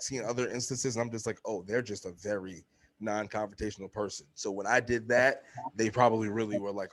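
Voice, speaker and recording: A young man hosts a relaxed podcast conversation. He tells stories with lots of life, swears freely and jumps up high when he acts out what others said. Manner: animated storyteller, acts out quotes in a high voice. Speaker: podcast host. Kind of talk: casual chat.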